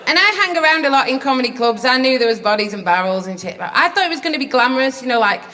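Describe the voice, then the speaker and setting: This Rochdale comedian, a woman with a Northern English accent, races through a brash, sweary, self-mocking set on stage before a live audience. Her voice is high, bright, forceful and expressive.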